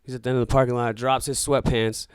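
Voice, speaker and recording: A man hosting a podcast, casually telling a story in a loose, profane, animated way full of acted-out dialogue. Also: mid-range voice, quick pace, clean tone, no echo, studio quality. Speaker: podcast host.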